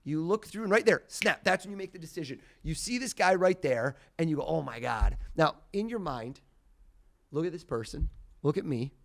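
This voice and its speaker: Theatrical mentalist man, swings loud. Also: on the high side, normal speed, gravelly. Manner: theatrical, rising to loud excited bursts. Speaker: mentalist guest. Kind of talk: live mind-reading performance.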